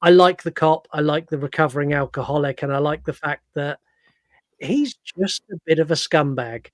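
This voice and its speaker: An animated man with a fairly high voice, chatting through a film review and acting out scenes with a laugh. The sound is dry and close, with no room around it. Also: moderate pace, dry recording. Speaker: podcast co-host. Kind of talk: casual film review chat.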